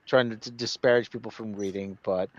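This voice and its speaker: A man's voice: on the low side, steady tone, fairly quick, dry recording, highs cut off. A man chatting casually while gaming, rambling and telling stories. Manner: rambling, restarts, tells stories with voiced quotes.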